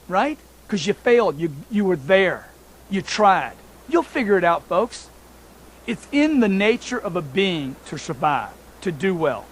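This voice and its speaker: High-voiced emphatic male motivational speaker. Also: big pitch swings, a little slow, slight background noise. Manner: emphatic, repetitive, addresses listeners as folks. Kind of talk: motivational talk.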